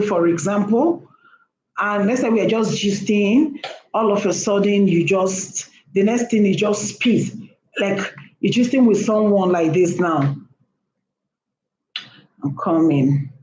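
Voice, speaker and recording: A woman speaks casually to her viewers at an ordinary middle pitch. She hammers her points home by repeating them with emphasis. The voice bounces around an echoey room. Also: a little slow, darkish tone. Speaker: vlogger. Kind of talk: casual talk to camera.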